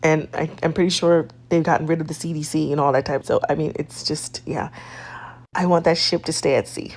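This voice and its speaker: Low raspy-voiced woman talking casual, kinda hesitant. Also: fairly even intonation, fairly quick, darkish tone. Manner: hesitant, restarts often. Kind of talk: casual commentary.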